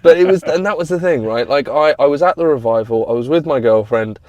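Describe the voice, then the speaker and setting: A man's voice: fairly high pitch, fast talker, dry recording. Enthusiastic man telling stories. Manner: enthusiastic, animated anecdotes with quoted voices. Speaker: guest, automotive content creator. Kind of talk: casual podcast chat, storytelling.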